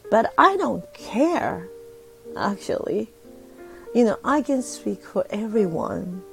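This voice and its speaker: A woman's voice: mid-range voice, big pitch swings, slow, creaky, soft background music, poor audio. A woman with a Japanese accent, hosting a casual live audio chat, talking with lots of fillers and switching between English and Japanese. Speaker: host.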